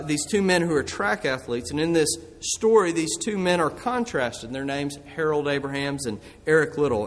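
Pastor, male, high voice, earnest sermon delivery, long hall reverb. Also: fairly bright tone. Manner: earnest preaching with slowed emphatic phrases.

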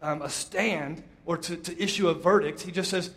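A man with a fairly high voice preaches a sermon, retelling a scripture story. He lifts his voice for quoted lines and drops it soft for emphasis, with deliberate pauses.

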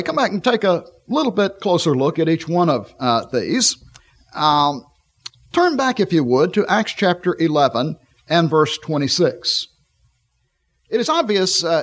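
A middle-aged man preaching a sermon, leading his listeners through scripture passages and pausing often with fillers as he reads. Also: a little high. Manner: halting, frequent fillers and restarts while reading scripture.

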